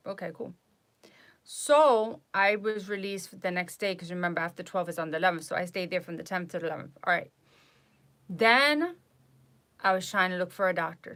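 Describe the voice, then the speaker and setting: A woman vlogger telling a personal story in a casual, exasperated way, with animated retelling. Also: lowish voice.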